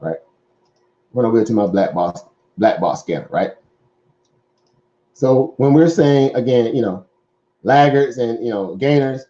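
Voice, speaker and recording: A man's voice: medium pitch, warm tone, highs cut off. A man with a Southern accent hosting a casual stock market talk, rambling and conversational, full of fillers and tag questions. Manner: rambling, conversational, many fillers and "right?" asides. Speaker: stock market show host.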